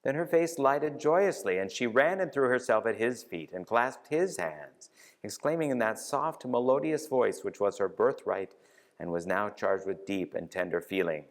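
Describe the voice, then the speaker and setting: A man reads a novel aloud to his parish in an unhurried way. His fairly low voice rises and falls widely. The church lends it a long, echoing tail. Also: animated. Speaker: parish reader leading a novena. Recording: reverberant church hall.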